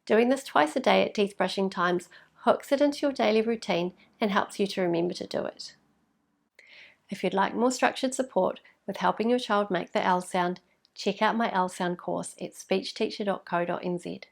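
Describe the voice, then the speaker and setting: A woman speech therapist talks parents through a lesson in a patient, clear way, slowing down to model each sound. Her mid-pitched voice carries a gravelly edge of vocal fry. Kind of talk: instructional explanation for parents.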